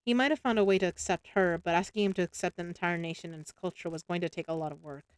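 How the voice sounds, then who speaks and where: A woman's voice: fairly low pitch, quick pace, smooth, no echo. Woman narrating a novel aloud on stream. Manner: relaxed reading with small slips and restarts. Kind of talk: audiobook-style narration.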